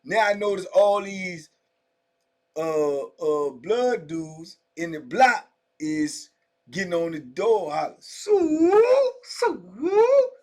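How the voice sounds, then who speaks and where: A man's voice: a little high, slow. Slangy middle-aged man telling stories. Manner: loose, slangy, full of "you know what I'm saying" asides. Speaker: storyteller recounting prison life. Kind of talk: casual first-person storytelling.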